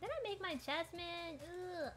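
A woman's voice: extremely high pitch, unhurried, fairly bright tone. A woman streaming a game, chatting playfully and giggling with her co-player. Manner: giggly, playful, shrieks when startled. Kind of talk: casual gaming stream chat.

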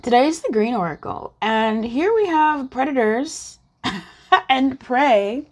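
A woman giving a casual pick-a-card tarot reading, chatty and encouraging, laughing often and rising in pitch when animated. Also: slow. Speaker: tarot reader.

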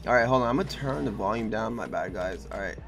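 Gaming YouTuber, male, gravelly voice, excitable casual commentary, faint game music underneath. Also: on the low side, quick pace. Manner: excitable, laid-back slang, self-deprecating.

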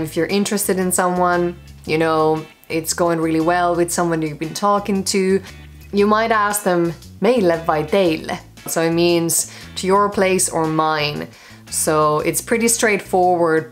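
A young Finnish woman with a Finnish accent, teaching phrases in a chatty, joking vlog. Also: fairly low pitch. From Finland. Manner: chatty, joking, self-mocking. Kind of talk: casual vlog lesson.

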